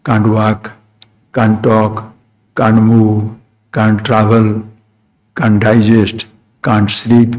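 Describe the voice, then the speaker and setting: A spiritual teacher gives a discourse in a monotone, speaking very slowly and pausing often, on a rough recording. He uses short repeated phrases and rhetorical questions, swinging from quiet remarks to sudden high emphasis.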